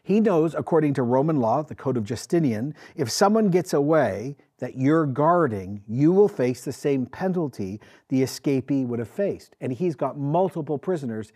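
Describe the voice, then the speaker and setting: Husky, animated pastor preaching a sermon. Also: male voice, medium pitch, moderate pace, hardly any pauses. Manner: emphatic, asks the congregation questions. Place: church with a congregation.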